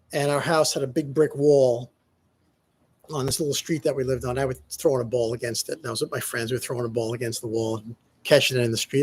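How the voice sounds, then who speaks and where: A man's voice: mid-range voice, a little mellow. A middle-aged man telling casual stories to the camera, rambling and restarting often. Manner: rambling, halting with many restarts. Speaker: vlogger. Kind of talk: casual storytelling monologue.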